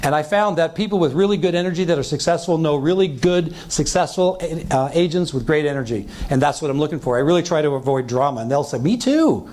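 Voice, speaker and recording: This sales trainer talks fast with hardly any pauses, his voice a little high and a little mellow. Speaking to a live seminar audience, he acts out the dialogue he describes and keeps checking that his listeners are with him.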